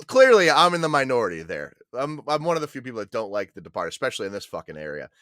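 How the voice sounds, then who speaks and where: A man's voice: medium pitch, very animated, fast, few pauses, a bit bright, no echo, studio quality. A man co-hosting a movie podcast, casual and laid-back, swearing freely. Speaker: podcast co-host. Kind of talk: casual chat.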